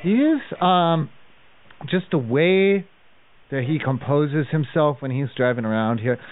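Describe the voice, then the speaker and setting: A man in a prank phone call, voicing hesitant, put-on concern. His voice sits a little high and swings through a wide range. It comes over a thin, phone-like line. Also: expressive, unhurried. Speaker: prank caller.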